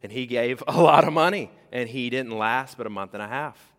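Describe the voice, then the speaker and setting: A man preaching a sermon to his church, animated and conversational, acting out the voices he quotes. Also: medium pitch, normal speed, in a large hall. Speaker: pastor. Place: church sanctuary.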